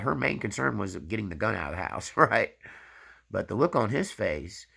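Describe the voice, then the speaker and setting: A man's voice: fairly low pitch, very animated, moderate pace, gravelly, sharp tone, husky. A man hosting his own channel, giving a rambling personal faith testimony full of tag questions. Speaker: channel host.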